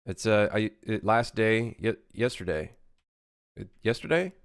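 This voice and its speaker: Low-voiced rambling young streamer guy. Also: a little slow, smooth, no echo, studio quality. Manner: rambling, self-correcting, laughs at himself. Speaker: game dev streamer. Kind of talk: casual live-stream chat.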